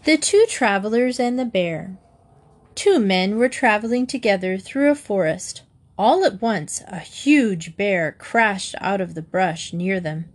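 A woman narrating children's fables in a gentle, measured storybook reading. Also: mid-range voice, animated.

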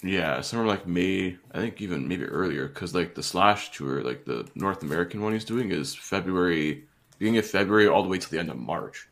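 Man, podcast co-host; low, animated delivery, swears constantly, rambles. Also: fairly quick, creaky. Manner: profane, rambling with many fillers. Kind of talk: casual chat.

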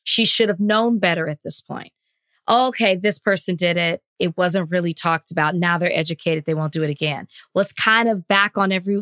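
A woman's voice: lowish voice, fairly bright tone, dry recording. A woman co-hosting a podcast, talking in casual chat and laying out her view step by step. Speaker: podcast co-host.

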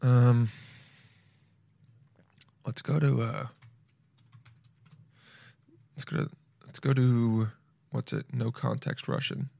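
A man's voice: mid-range voice, flat delivery, takes it slowly, vocal fry, long pauses, mellow, no echo, clean studio sound. A young man streaming and reacting to videos in loose, swearing, self-mocking casual talk.

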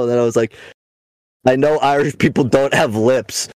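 A man's voice: mid-range voice, normal speed, darkish tone, smooth, no echo. A young adult man hosting a podcast in casual chat, a profane, rambling storyteller who mocks and rants. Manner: mocking, ranting. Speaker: podcast host.

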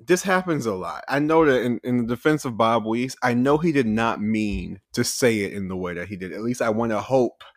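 A young man, a podcast guest, telling a story in casual chat with lots of animated energy and frequent laughter. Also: medium pitch, fairly quick, hardly any pauses, no room sound, studio quality.

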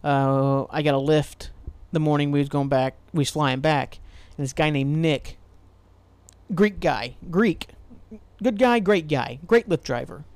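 A man's voice: fairly high pitch, a little slow, clean tone, no room sound. A man from Ohio hosting a casual solo podcast, rambling loosely, swearing freely and laughing at himself. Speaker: podcast host.

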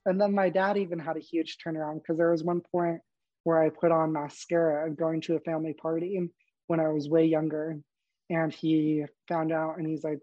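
A young man guesting on a podcast gives a candid, animated storytelling interview, often laughing and acting out the lines he quotes. His fairly high voice keeps a moderate pace, recorded with no echo and the highs cut off.

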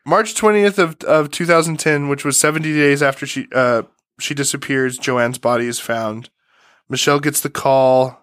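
A man's voice: mid-range voice, moderate pace, a bit bright, no room sound, clean studio sound. A man co-hosting a casual true-crime podcast, talking loosely with lots of fillers, restarts and swearing. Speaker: podcast co-host.

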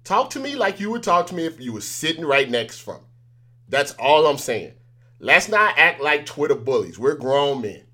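A man's voice: fairly high pitch, bright, forceful tone. A man hosting a news commentary show, talking straight to his viewers in an emphatic, repetitive way and chuckling between points. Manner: addresses viewers directly. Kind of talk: casual on-camera commentary.

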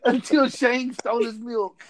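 A man's voice: extremely high pitch, little pitch movement, a little slow, poor audio. A man casually telling a rowdy story to friends, laughing often and acting out what others said. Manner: laughs through his story, acts out friends' lines.

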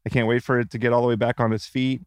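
A man's voice: mid-range voice, little pitch movement, racing, smooth, no echo, clean studio sound. A man hosting a podcast, chatting casually and joking with guests. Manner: upbeat, jokey. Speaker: podcast host. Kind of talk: casual chat with ad read. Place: away on a trip, remote call.

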